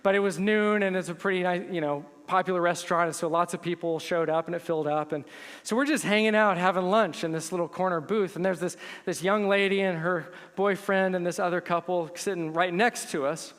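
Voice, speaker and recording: A man preaching a sermon as pastor, telling stories in an animated way that swells into emphatic intensity. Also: high voice, a little fast, smooth. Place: church sanctuary. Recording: long reverb of a church hall.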